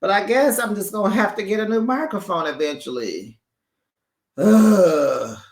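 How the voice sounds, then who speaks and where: Recap YouTuber, casual gossipy chat, frequent laughter, slangy, mid-pitched voice, roomy home mic. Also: unhurried. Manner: laughs often, gossipy and animated, uses slang. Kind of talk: casual chatty show recap. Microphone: USB microphone held back from the mouth.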